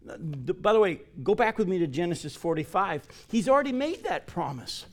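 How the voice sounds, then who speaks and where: A man preaching a sermon and reading scripture aloud. He talks earnestly and gets louder and higher to stress a point. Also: big pitch swings, normal speed. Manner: earnest, rises in pitch and volume for emphasis. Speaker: pastor.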